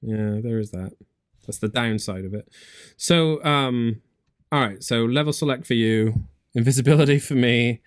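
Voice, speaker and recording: An English man in his thirties chats loosely about games, circling his point with plenty of "like"s and restarts. His voice sits at an ordinary middle pitch. The recording is dry and close, with no room sound. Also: normal speed, smooth, no room sound. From England. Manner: rambling, lots of "like" and restarts. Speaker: podcast host. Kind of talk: casual chat.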